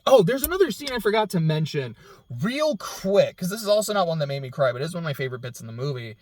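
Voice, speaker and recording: A man giving a casual, emotional film reaction, rambling with many fillers and dropping very soft when moved. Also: on the high side, animated, fairly quick, dry recording. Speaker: film reviewer.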